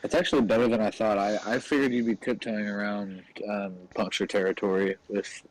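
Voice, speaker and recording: A man's voice: on the low side, steady tone, fairly quick, poor audio. A man in casual chat, asking drivers questions in a laid-back way. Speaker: guest interviewer.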